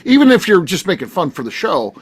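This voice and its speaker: A man's voice: sits high, very animated, fast, slightly rough. A man hosting a casual talk show, chatty and teasing, often trailing off into fillers. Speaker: podcast host. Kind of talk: casual chat.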